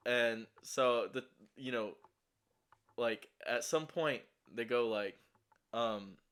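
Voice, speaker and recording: A man's voice: mid-range voice, takes it slowly, a bit bright, clean tone. A young man telling a casual story, rambling and profane, with many restarts and fillers, audibly shaky and anxious.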